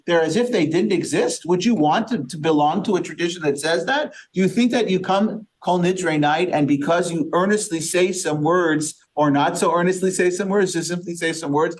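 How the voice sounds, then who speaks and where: A man, a rabbi, leading an interactive Torah study class, quizzing the group with questions and using Yiddish and Hebrew terms. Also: on the high side. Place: synagogue study session with a small group.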